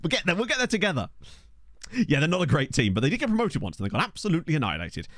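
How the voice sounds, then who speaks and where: A male game streamer chatting casually with his viewers over a desk microphone, thinking aloud as he goes. His pitch swings around a lot, and the recording is dry and close with almost no room sound. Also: wildly swooping pitch, very fast, fairly bright tone, no echo.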